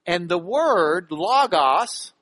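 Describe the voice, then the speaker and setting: A man's voice: high voice, big pitch swings, very slow, fairly bright tone, dry recording. A man preaching a sermon, explaining scripture and repeating key words for emphasis, with asides that poke fun at himself. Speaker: pastor. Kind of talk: sermon teaching.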